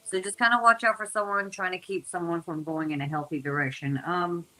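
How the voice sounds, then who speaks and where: A woman's voice: on the low side, steady tone, brisk, bright, forceful tone, rough recording. A woman giving a casual, chatty tarot reading to her viewers, talking informally and repeating herself. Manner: chatty, informal, repeats words, uses "y'all". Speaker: tarot reader.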